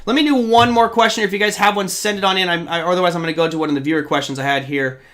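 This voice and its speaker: A man's voice: high-pitched, fairly even intonation, rapid-fire, fairly bright tone. A man hosting a live trading show, answering viewer questions in a chatty, rambling way with asides to the chat. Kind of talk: live-stream Q&A.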